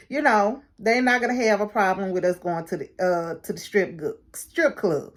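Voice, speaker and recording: A woman's voice: mid-range voice, very animated, moderate pace. A woman recapping a reality show in casual, gossipy talk, laughing often. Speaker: recap vlogger.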